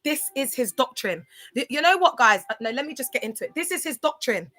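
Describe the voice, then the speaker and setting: Woman, thirties, casual livestream, blunt, fairly high voice, bright and forceful tone. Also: a little fast, soft background music. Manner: blunt, animated, repeats herself and addresses viewers by name.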